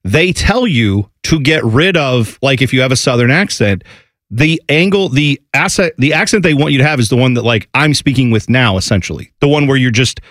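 A man from Central Ohio co-hosting a casual chat show, animated and quick to slip into mocking put-on accents. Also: medium pitch, no echo, clean studio sound. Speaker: podcast co-host.

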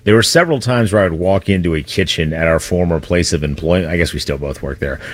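A man's voice: low-pitched, fast talker, dry recording. A man co-hosting a sports radio show, telling stories in a rambling, conversational way. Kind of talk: casual radio chat.

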